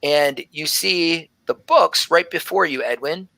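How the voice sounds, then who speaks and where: Gravelly, bright-voiced game master. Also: male voice, on the high side, unhurried, no room sound, rough recording. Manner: loose, filler-heavy description. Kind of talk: narrating a tabletop game.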